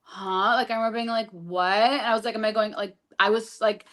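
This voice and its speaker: A young woman, a reality TV contestant guesting on an interview podcast, talks fast in a fairly high voice with little pitch movement. She chats casually and tells rambling, filler-heavy stories packed with "like".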